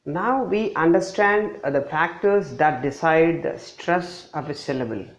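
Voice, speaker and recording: A man with a fairly high voice and an Indian English accent teaches an English pronunciation lesson. He explains step by step and patiently repeats example words slowly to show where the emphasis falls.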